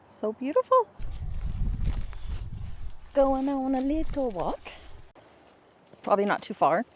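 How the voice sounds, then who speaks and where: A woman's voice: sits high, big pitch swings, takes it slowly, darkish tone, slight background noise. A woman vlogging outdoors in a casual way, gushing at her dogs in baby talk. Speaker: travel vlogger. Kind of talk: casual vlog narration. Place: outdoors near a river and highway.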